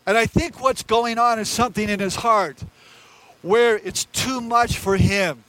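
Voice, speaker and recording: A male pastor delivers a sermon with a very high voice for a man. He preaches in an earnest, conversational way and addresses his listeners directly. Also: moderate pace, a bit bright, low-quality recording.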